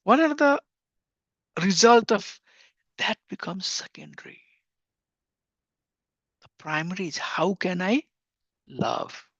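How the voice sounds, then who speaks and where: Gravelly man teaching a class. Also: high voice, sing-song, takes it slowly, long pauses, fairly bright tone, no echo. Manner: earnest, repeats phrases, chuckles. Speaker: spiritual teacher. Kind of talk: devotional class lecture. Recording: dull lo-fi dry recording.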